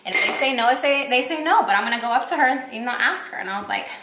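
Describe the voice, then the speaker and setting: A woman's voice: fairly high pitch, animated, racing, sharp tone, a little hiss or hum. A young woman from Puerto Rico telling a rambling, gushing story while doing her makeup, with "like" in every sentence. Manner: gushing, rambling, heavy use of "like". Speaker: beauty vlogger. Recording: echoey room.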